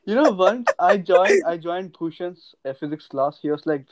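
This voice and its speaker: A man's voice: high voice, moderate pace, no echo. Teen boy telling stories, muffled sound. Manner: storytelling, lively, slangy. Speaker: guest. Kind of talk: casual chat. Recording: dull lo-fi sound.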